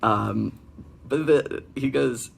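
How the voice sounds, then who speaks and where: A man's voice: mid-range voice, extremely slow, creaky, slight background noise. A young man hosting a comedic critique of bad fan fiction, with sarcastic, exasperated asides. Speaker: fanfic critic and host.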